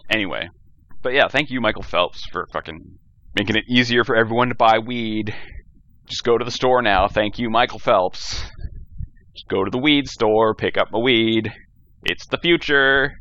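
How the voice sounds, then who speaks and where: Speaking at a moderate pace in a fairly low, slightly bright voice, a young podcast host goes solo with a rambling, profane, joke-filled rant. It's captured on a cheap gaming headset, so the audio comes out dull and lo-fi.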